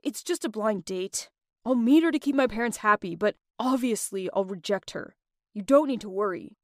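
A woman's voice: mid-range voice, expressive, moderate pace, no room sound, clean studio sound, lightly acted. A woman voicing a young man, a dutiful boyfriend who answers in a defensive, dismissive way.

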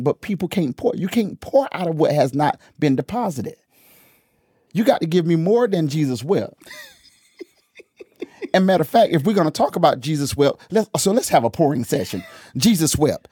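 A man hosting a podcast, talking casually about church and drifting into preaching, animated, laughing often and repeating phrases for emphasis. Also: a little high, breathy edge, no echo, clean studio sound.

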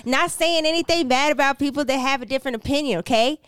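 A woman's voice: sits high, quick pace, a bit bright, no room sound, clean studio sound. A woman in her thirties co-hosting a podcast, talking frankly and animatedly and laughing easily. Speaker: podcast co-host. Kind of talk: casual chat.

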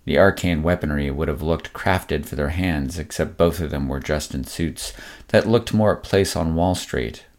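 A man narrating a mystery story in a measured, dramatic storytelling delivery. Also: a bass voice, a little mellow. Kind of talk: scripted audiobook narration.

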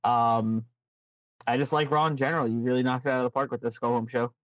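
A man's voice: mid-range voice, fairly even intonation, fast talker, no echo, highs cut off. Chatty man on a dry, close mic. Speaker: podcast co-host. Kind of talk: casual chat, recapping a made-up wrestling show.

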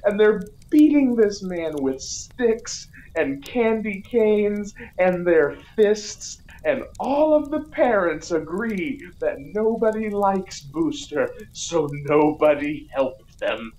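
A woman's voice: mid-range voice, sing-song, takes it slowly, few pauses, warm tone, rough recording. A woman co-hosting a casual movie review podcast, retelling the plot and acting out the characters' lines. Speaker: podcast co-host.

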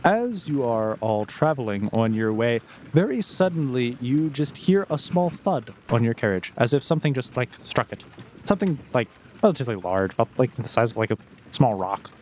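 A man's voice: medium pitch, very animated, moderate pace, a little mellow, a little hiss or hum. A man narrating a tabletop game as game master, casual with many fillers.

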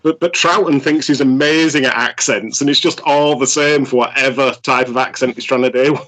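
A man's voice: medium pitch, steady tone, brisk, fairly bright tone, rough recording. A man co-hosting a podcast, giving enthusiastic, opinionated takes and often stumbling over his words. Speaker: podcast co-host. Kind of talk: casual podcast chat.

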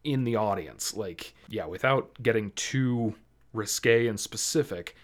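Speaking at a measured pace in a lowish voice, a man co-hosts a casual movie review chat. He rambles, restarts, and leans heavily on likes and ums.

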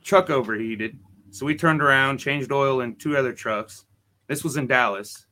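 Male podcast co-host, forties, mid-pitched, rambling profane storyteller. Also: moderate pace. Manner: rambling, profane, animated quoting. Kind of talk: casual storytelling.

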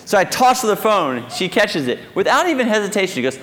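A man's voice: high-pitched, fast talker, a little hiss or hum. Man telling a story on a conference stage. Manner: animated, acts out phone call dialogue. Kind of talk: live keynote storytelling. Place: conference stage in a large hall. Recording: long hall reverb from a live keynote.

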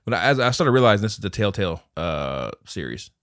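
A man's voice: fairly low pitch, big pitch swings, fairly quick, a bit bright, dry recording, clean studio sound. A man co-hosting a casual film review podcast, swearing freely, laughing often and acting out scenes in put-on voices. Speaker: podcast co-host.

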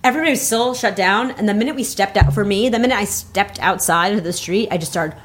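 A young adult woman telling a story in casual conversation, animated and laughing as she talks. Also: medium pitch, quick pace. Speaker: comedy podcast guest.

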